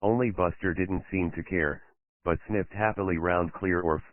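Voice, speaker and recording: A man with a low voice reads a children's mystery aloud at an even, measured pace. The sound is thin and phone-like, dry with no room around it, like a basic home recording. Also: no room sound. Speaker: audiobook narrator. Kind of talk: children's audiobook reading.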